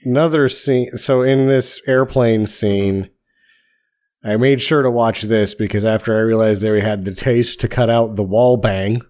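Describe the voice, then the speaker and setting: A man's voice: lowish voice, fairly even intonation, unhurried, darkish tone. A man co-hosting a casual movie podcast, snarkily retelling scenes. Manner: snarky, quotes movie lines. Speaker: podcast co-host. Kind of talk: casual movie riff chat.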